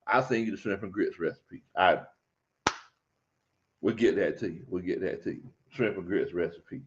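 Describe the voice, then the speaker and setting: A man's voice: low voice, moderate pace, muffled recording, a little hiss or hum. A man hosting a casual sports talk livestream, reading viewer comments and laughing often. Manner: animated, laughs often, playful slang. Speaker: sports talk show host.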